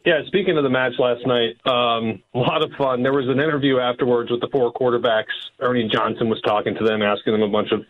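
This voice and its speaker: A man's voice: medium pitch, steady tone, fast talker, few pauses. Friendly male caller on a muffled lo-fi line. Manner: upbeat, friendly. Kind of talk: phone-in call. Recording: dull lo-fi phone call.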